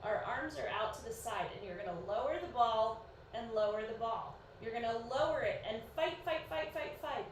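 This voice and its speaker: Chatty, encouraging female fitness coach counting reps on a live stream, slightly sleepy; roomy echo, distant mic, faint background noise. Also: fairly high pitch. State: sleepy, yawning. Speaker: fitness instructor. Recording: echoey room, voice far from mic, faint noise.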